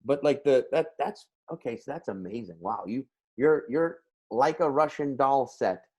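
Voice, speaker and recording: Man, podcast co-host, casual chat, animated and profane, very lively pitch. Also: moderate pace. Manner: animated, profane, self-mocking.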